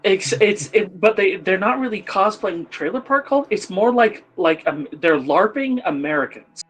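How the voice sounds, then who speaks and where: A man with a fairly high voice tells a story in bursts, restarting his sentences and swearing as he goes. He sounds excitable and chatty, and faint music plays underneath. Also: moderate pace, husky, low-quality recording. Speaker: tabletop game player on a livestream. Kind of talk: casual chat.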